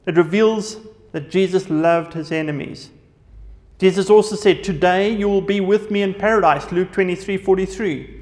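Male preacher, high-pitched, scripture reading and sermon, recorded in a big echoing hall. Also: moderate pace, a little mellow. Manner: reads scripture aloud, then explains it with verse references.

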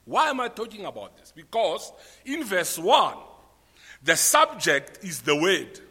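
A man's voice: sits high, huge pitch swings, unhurried, sharp tone, breathy edge, in a large hall. A man with a South African accent preaching a sermon, spelling out his points and repeating them for note-takers. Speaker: pastor.

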